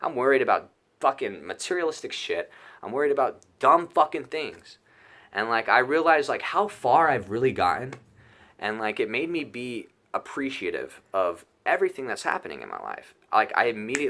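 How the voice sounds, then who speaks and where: A young man telling a rambling personal story in a casual vlog, excitable and full of swearing and fillers. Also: medium pitch, moderate pace. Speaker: YouTuber telling a trip story.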